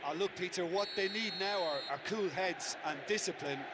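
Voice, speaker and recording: A man playing a measured, analytical football pundit in a video game, with a fairly high voice. He talks through the match in steady, considered phrases. Noise hangs under the game audio. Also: natural voice. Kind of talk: scripted sports commentary.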